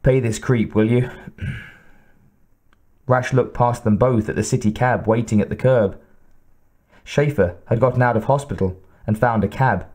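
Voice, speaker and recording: Medium in pitch, a male narrator works through an audiobook script with a steady, measured reading style.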